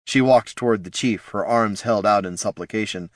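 Low-voiced male audiobook narrator. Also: no echo, studio quality. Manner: measured, dramatic storytelling. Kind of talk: scripted fantasy narration.

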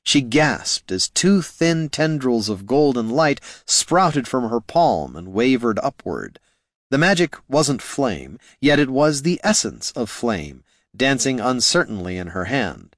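A man reading a fantasy novel aloud in an expressive storytelling manner. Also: mid-range voice, takes it slowly, no room sound, studio quality. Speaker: narrator. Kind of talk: fantasy audiobook narration.

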